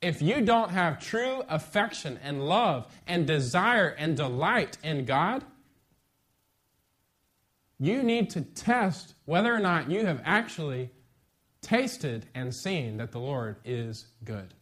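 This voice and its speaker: A middle-aged man preaching a sermon as pastor, lively and conversational, with sudden bursts of emphasis. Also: on the high side, slow.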